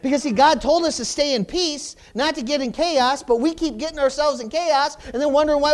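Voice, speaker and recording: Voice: high voice, brisk, hardly any pauses. A pastor preaching, calling out "amen?". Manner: punctuates with "amen?" and "praise the Lord"; stumbles and restarts phrases often. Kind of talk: sermon. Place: church congregation.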